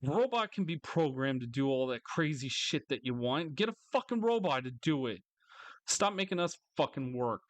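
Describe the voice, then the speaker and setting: A man angrily ranting in a vlog monologue, swearing heavily, repeating himself and jumping into higher mocking voices. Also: animated, normal speed, no echo. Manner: frustrated, swearing, repetitive. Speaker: vlogger.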